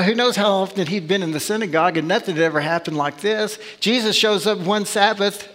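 A man's voice: high-pitched, fairly bright tone. A man preaching a sermon as pastor, emphatic and full of rhetorical questions. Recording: long reverb of a large hall.

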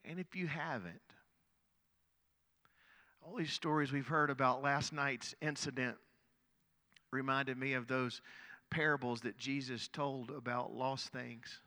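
A middle-aged man preaching a sermon, telling a story in an earnest, conversational way and often doubling up his words. His voice is medium in pitch with a bright, forward edge. It rings out with the long reverb of a big church hall. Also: fairly even intonation, a little slow, pauses often. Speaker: pastor.

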